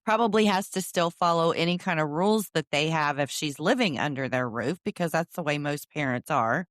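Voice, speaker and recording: A woman's voice: sits low, brisk, no room sound, studio quality. A woman co-hosting a podcast, chatting bluntly and frankly about a reality show. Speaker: podcast co-host. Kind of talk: casual recap chat.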